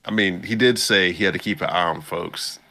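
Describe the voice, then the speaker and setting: A man with a deep, gravelly voice and a bright, forceful edge recaps the plot in loose, casual chat. He keeps breaking into quick impressions of the characters. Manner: animated storytelling, acts out characters' lines in a higher voice. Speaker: podcast co-host recapping an anime.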